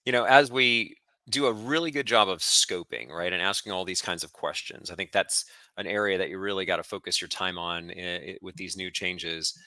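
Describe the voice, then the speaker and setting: A man's voice: low voice, sharp tone, no room sound. A man hosting a webinar interview, friendly and jokey, poking fun at himself while he asks the guest questions. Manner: friendly, jokey, self-deprecating. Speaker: webinar host.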